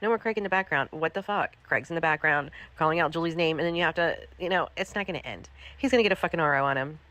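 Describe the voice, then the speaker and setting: A woman's voice: low voice, fast, fairly bright tone. A woman hosting a commentary livestream, ranting in an exasperated, profane way, repeating herself.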